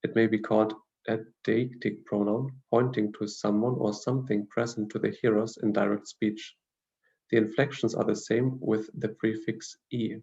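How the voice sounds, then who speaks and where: A man teaching a language class, reading through grammar notes in a measured, explanatory way with frequent fillers and restarts. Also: fairly low pitch, little pitch movement, gravelly, mellow, lo-fi sound.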